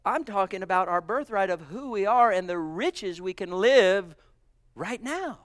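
A middle-aged man preaching a sermon, going from loud exclamations to hushed near-whispers, and slowing down low for scripture quotes. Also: expressive, no room sound, studio quality.

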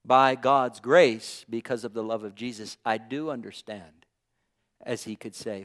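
A man's voice: mid-range voice, measured pace, fairly bright tone. A man preaching a sermon in an impassioned, conversational way, dropping in exclamations of praise.

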